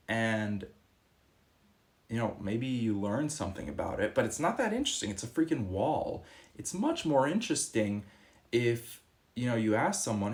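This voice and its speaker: A young man talking casually and earnestly to camera as a fitness vlogger, rambling a little and acting out quoted exchanges. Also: medium pitch. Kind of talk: casual reflective monologue.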